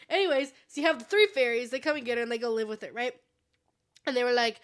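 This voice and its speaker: Woman, podcast co-host, high voice, giggly, rambling, casual storytelling. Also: lively intonation, fast, fairly bright tone.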